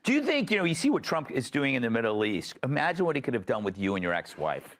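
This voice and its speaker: A man's voice: medium pitch, huge pitch swings, quick pace, background noise. A man hosting a panel show, teasing his guests and laughing easily. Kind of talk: joking panel discussion.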